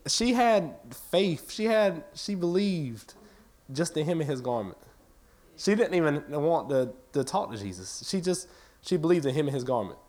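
A man's voice: fairly high pitch, very animated, normal speed, darkish tone. A man preaching a sermon to his church, building in intensity with repeated phrases and folksy talk. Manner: impassioned, repetitive preaching cadence; folksy, with y'all.

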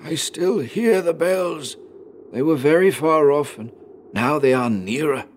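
A man voicing a dying old father in a horror story reading, speaking slowly and painfully in a thin, strained voice with halting words. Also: a little high, expressive, slight background noise, pitched above the performer's own voice. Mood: feverish, insistent. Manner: slow, painful, halting speech. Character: dying old Siberian exile father, weak, feverish. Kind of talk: audiobook narration of horror story.

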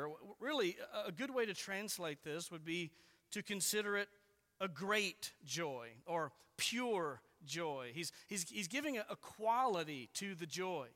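A man with a high, bright voice preaches a sermon in a church hall where the sound rings with long reverb. He speaks earnestly and deliberately and slows down to lean on key words.

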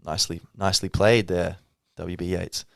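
A man with a very low voice talks loosely about poetry on his podcast. He fills the gaps with ums and likes, and he trails off mid-thought. His voice is smooth and clear, and the recording sits close and dry. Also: little pitch movement, normal speed, no room sound. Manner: rambling, many fillers, trails off. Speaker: podcast host. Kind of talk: casual talk on poetry.

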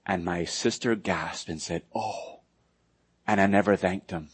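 A male pastor preaching a sermon earnestly, moving between loud emphasis and hushed, quiet passages. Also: low voice, measured pace, breathy edge.

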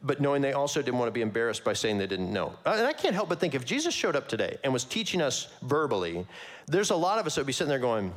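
Animated casual male preacher. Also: mid-range voice, quick pace. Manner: casual, animated, laughs often, slangy asides. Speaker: pastor. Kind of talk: conversational sermon.

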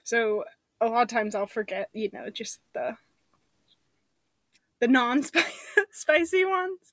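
A woman's voice: a little high, sing-song, slow, a bit bright, dry recording. A woman author chatting casually on a podcast, upbeat and chatty. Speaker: author guest.

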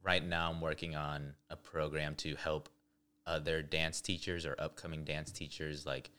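A man's voice: very deep voice, flat delivery, moderate pace, bright, forceful tone, smooth. A young man, a dance teacher, talking as a podcast guest in easygoing casual chat. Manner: easygoing, agreeable.

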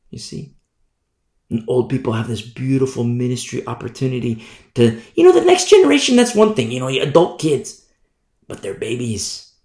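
A man preaching a sermon in an emphatic, indignant manner, often pausing to ask "you see?". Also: mid-range voice, darkish tone, roomy sound.

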